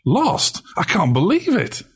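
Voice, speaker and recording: A man's voice: sits high, huge pitch swings, a little slow, husky, full character voice. A man voicing a flustered middle-aged man who takes a phone call about the lottery.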